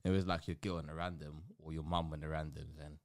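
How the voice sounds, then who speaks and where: Deep-voiced young man, laid-back. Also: little pitch movement, quick pace, no room sound, clean studio sound. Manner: laid-back, slangy, keeps saying innit. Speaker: podcast host. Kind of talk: casual chat.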